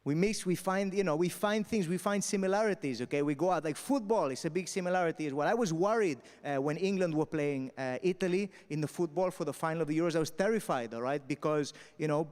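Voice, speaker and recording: A man from Spain doing stand-up storytelling on a festival stage, punchy and animated, with frequent "all right?" asides. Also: fairly high pitch, quick pace, few pauses. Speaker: stand-up comedian. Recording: long hall reverb.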